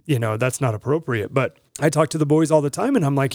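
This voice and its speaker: A man's voice: mid-range voice, fast, vocal fry, darkish tone, dry recording, studio quality. A man co-hosting a podcast, talking in a heated, emphatic and profane way. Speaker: podcast co-host. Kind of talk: casual podcast chat.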